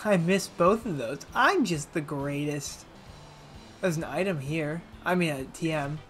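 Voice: medium pitch, unhurried, fairly bright tone, faint music behind. A let's play commentator giving casual gameplay commentary, rambling and self-mocking with jokey asides.

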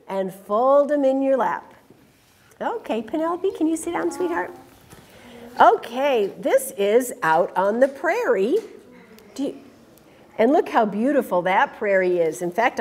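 A woman reading a picture book aloud to children in an animated way, stopping to ask them questions. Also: fairly high pitch, slight background noise. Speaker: storytime reader.

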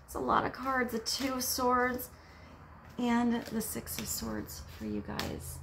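A woman giving a casual tarot reading, speaking softly and dreamily, sometimes sinking to a whisper. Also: a little high, sing-song, slow pace, creaky, noisy background. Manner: soft, dreamy, drops to a whisper when reading card texts. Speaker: tarot reader.

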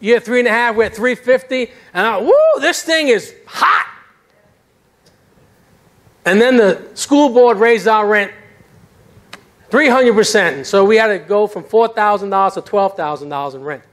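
A middle-aged male pastor preaching a sermon about his own life, telling it in an animated, self-deprecating way. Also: high voice, normal speed, long pauses. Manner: animated storyteller, acts out voices, self-deprecating humor. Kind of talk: sermon with personal testimony. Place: church sanctuary.

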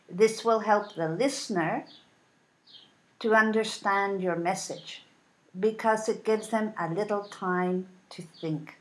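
A woman teaching an English lesson, reading example sentences and modeling intonation with deliberate, clear enunciation. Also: medium pitch. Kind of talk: slow, careful English lesson.

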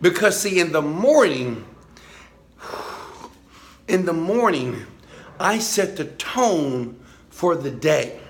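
A man giving a hyped motivational talk to his phone camera in a high-rise apartment, chanting and repeating phrases. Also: big pitch swings, slow pace, pauses often. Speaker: motivational speaker.

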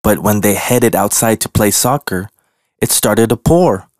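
A man reading a children's picture book aloud in a gentle, deliberate way. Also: on the low side, dry recording, studio quality. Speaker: storybook reader.

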